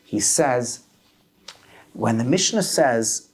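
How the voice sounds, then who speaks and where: A man teaching a lively class as a rabbi, questioning his students and mixing Hebrew terms into English. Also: medium pitch, slow pace, breathy edge. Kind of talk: lively Torah class lecture.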